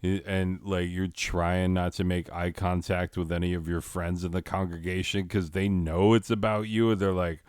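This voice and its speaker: A man's voice: low voice, level tone, moderate pace, hardly any pauses, a little mellow, clear, resonant tone, no room sound, studio quality. A man hosting a comedy commentary, sarcastic and self-mocking. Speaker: host.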